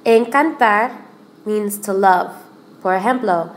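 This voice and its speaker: Slow, careful woman teaching grammar. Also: medium pitch, gravelly. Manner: slow, careful explaining, repeats examples. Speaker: Spanish teacher. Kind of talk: recorded grammar lesson.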